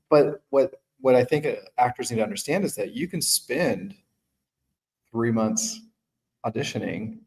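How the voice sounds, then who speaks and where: Heard over poor audio, this podcast host has a mid-range, somewhat mellow voice. He owns a management firm and, in a relaxed chat, works through ideas out loud, often restarting and tossing "right?" to his guest.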